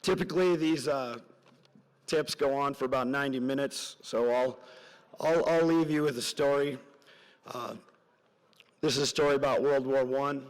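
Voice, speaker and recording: A middle-aged man giving a parent's graduation speech as a story, earnest and rambling, his voice dropping soft at emotional moments. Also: mid-range voice, moderate pace, long pauses, smooth. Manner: earnest, rambling with side stories, voice drops soft at emotional points. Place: large hall at a graduation ceremony. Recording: long hall reverb from a large venue.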